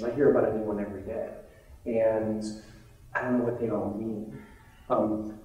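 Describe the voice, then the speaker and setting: A man's voice: medium pitch, mellow. Candid male lecturer in an echoey hall. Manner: conversational, candid, self-deprecating, with fillers. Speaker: physician lecturing on vaccines. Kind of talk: informal medical grand rounds lecture. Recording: echoey hall, mic far off.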